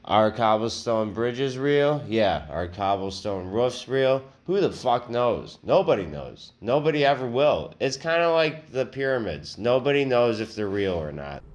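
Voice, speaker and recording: A man's voice: medium pitch, lively intonation, a little slow, hardly any pauses. A man hosting a comedy podcast, talking casually in a crude, rambling, self-mocking way. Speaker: podcast host.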